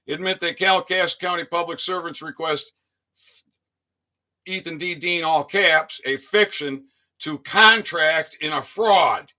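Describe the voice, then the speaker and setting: Man, slightly high and sharp-toned, reading formal claims aloud. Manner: reads formal statements with muttered asides. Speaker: citizen activist. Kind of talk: reading a legal document aloud.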